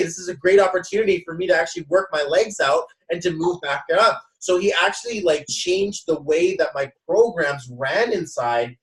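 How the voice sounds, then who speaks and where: Casting note: lively male host, mid-high voice, chatty storyteller, roomy sound from a step back. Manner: animated, quotes others in dialogue, frequent restarts. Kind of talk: casual storytelling. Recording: echoey room, mic at a distance.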